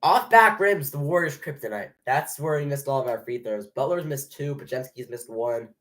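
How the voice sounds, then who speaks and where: A young man calling a basketball game live as a worried fan, at an ordinary middle pitch. He talks in anxious bursts, trips over his words and restarts them. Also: a little fast. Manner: nervous, excitable, stumbling over restarts. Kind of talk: live play-by-play reaction.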